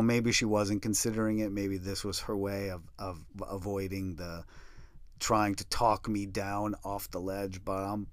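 Man, middle-aged, lowish voice, dry close sound, halting and emotional storytelling, podcast host. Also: no room sound. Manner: halting, soft-spoken, pausing often. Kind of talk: personal storytelling monologue.

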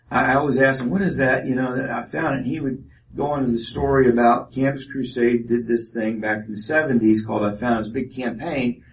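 Halting man speaking from far off. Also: medium pitch, gravelly. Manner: halting, many fillers and restarts. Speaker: speaker presenting a ministry project. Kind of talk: informal testimony talk to an audience. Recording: voice from a distance off mic.

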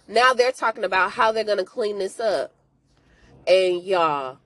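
A woman hosting a podcast, recapping a TV series in a casual, animated, slangy way, often speaking to listeners as y'all. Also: lowish voice. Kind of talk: casual chat.

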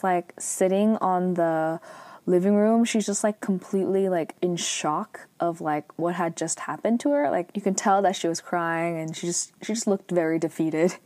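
A young woman casually retelling a TV drama episode, chatty and filled with "like" and "um", adding lively asides. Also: no room sound. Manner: chatty, heavy use of "like" and "um"; lively asides, acts out quotes in a higher voice. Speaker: drama recap vlogger.

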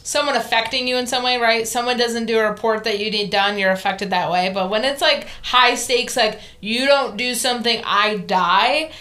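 A woman's voice: fairly high pitch, normal speed, hardly any pauses, pushed and bright. A woman co-hosting a casual podcast discussion, reflecting thoughtfully and searching for her words.

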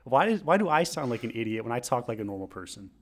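A young man co-hosting a casual podcast, ranting and mocking baby talk with squeaky impressions. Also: very animated, fast talker. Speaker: podcast co-host. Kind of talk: casual chat.

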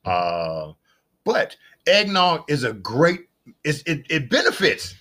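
A middle-aged man hosting a casual solo podcast, chatty and rambling, who repeats himself and jumps up into excited exclamations. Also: mid-range voice, measured pace. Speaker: podcast host.

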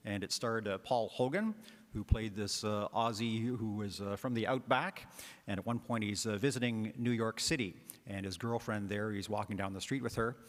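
A man's voice: lowish voice, steady tone, normal speed. A man, a parish priest, giving a conversational homily with frequent filler words. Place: church. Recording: long church reverb.

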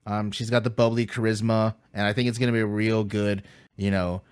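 A man's voice: fairly low pitch, flat delivery, fairly quick, smooth, no echo, studio quality. A man co-hosting a podcast, recapping matches casually with lots of fillers and easy laughter. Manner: laughs easily, many fillers. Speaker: podcast co-host.

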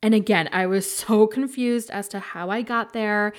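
A woman hosting a podcast, telling candid stories in casual chat with animated, frank delivery and free swearing. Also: medium pitch, normal speed. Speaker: podcast host.

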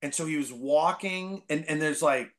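A man from the Bay Area, a comedian guest, telling rambling stories full of fillers and bursting into loud, excited impressions. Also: fairly high pitch, normal speed. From San Francisco Bay Area. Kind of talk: casual podcast storytelling.

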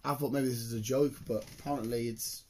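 A man, hosting a casual chat, excitable and sweary, breaking into laughter. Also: medium pitch, fast, slight background noise.

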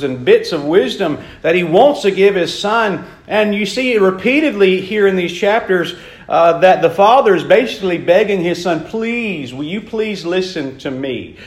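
Preacher guy, casual folksy sermon, kinda high voice, roomy echo. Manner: folksy, conversational, repeats key phrases slowly. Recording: echoey room.

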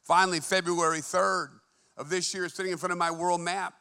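A man preaching a fervent sermon in a church, moving between hushed and emphatic delivery. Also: sits high, little pitch movement, fairly quick, clean tone. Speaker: pastor.

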